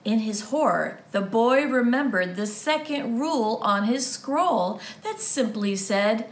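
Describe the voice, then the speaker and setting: A woman reading a storybook to children at an unhurried pace, her voice pitched a little high. She reads expressively and breaks off to talk to the kids. The room echoes. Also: lively intonation. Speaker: children's ministry teacher.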